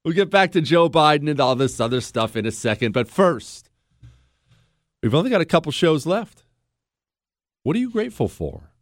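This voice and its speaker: A man hosting a radio talk show, talking casually and joking with quick asides while he is a bit under the weather. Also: fairly high pitch, very animated, no room sound, studio quality. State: a bit sick, possible fever. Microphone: studio microphone.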